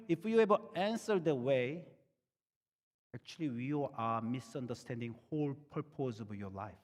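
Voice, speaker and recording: A man's voice: medium pitch, expressive, moderate pace, big-room sound. A middle-aged man, a pastor, preaching conversationally and asking the listeners many questions. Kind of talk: sermon.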